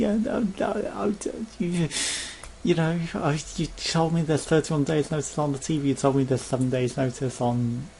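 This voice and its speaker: A man's voice: a little high, normal speed, vocal fry, a little mellow, a little hiss or hum. A man in a casual rambling rant to camera, swearing freely and now and then mimicking pushy phone sales staff. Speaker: vlogger.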